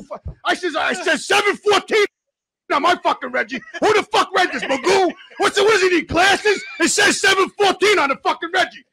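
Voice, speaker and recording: A man rants through a story, loud, swearing and exasperated. His voice sits very high for a man and sounds forceful and sharp. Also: animated, brisk. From New York City. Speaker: podcast regular. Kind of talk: profane storytelling rant.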